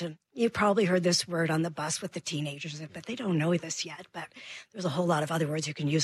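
Woman, child behavior expert, radio guest, animated storyteller, husky voice, dry studio sound. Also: low voice, fast talker, no room sound. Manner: animated, acts out her own and her son's lines.

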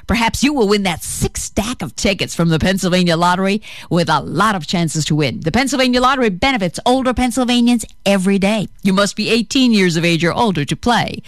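A woman's voice: medium pitch, no room sound, clean studio sound. A woman hosting a radio show in a chatty, playful way, talking straight to her listeners. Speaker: radio host. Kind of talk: upbeat radio patter.

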